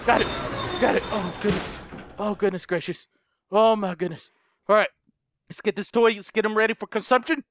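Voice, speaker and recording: Shrieky excitable man gaming. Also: high voice, fairly quick, noisy background. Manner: excitable, shrieks and swears at game scares; narrates his moves to himself. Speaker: gaming YouTuber. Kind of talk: let's play commentary.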